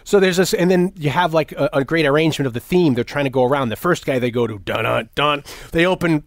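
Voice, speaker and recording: A fast talker with a slightly high voice retells a film scene after scene in relaxed movie conversation, playing the characters' lines, cursing openly, and often restarting what he's saying. The audio is dry and studio-clean.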